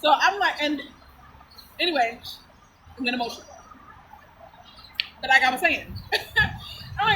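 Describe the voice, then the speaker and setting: In a noisy setting, a woman vlogger with a high-sitting voice tells a personal story unhurriedly, with long pauses. She's casual, blunt, and profane, laughing often as she retells it in a lively, animated way.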